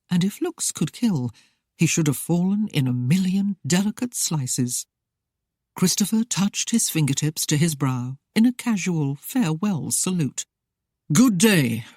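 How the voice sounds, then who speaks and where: Audiobook narration, steady, even reading, mid pitch, dry close sound. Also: dry recording.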